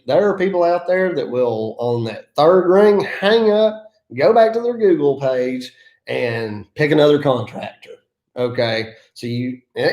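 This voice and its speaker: Man, Appalachian accent, folksy and self-deprecating, slightly higher voice, echoey room. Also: darkish tone. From mountains of North Carolina. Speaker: land clearing contractor. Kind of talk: casual advice vlog.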